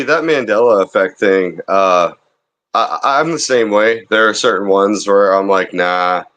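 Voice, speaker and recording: A man with a fairly low voice joins a casual panel chat over a video call. He talks hesitantly, restarting his sentences and readily conceding that he could be off. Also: a bit bright. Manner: hesitant, self-doubting, restarts often. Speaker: panel guest.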